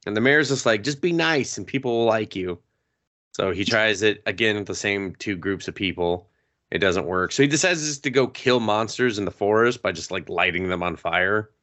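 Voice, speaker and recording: A man's voice: normal speed, bright, forceful tone. Man retelling an anime with silly voices. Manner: crude, joking, acts out characters in high silly voices. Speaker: podcast co-host. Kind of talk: casual anime review chat.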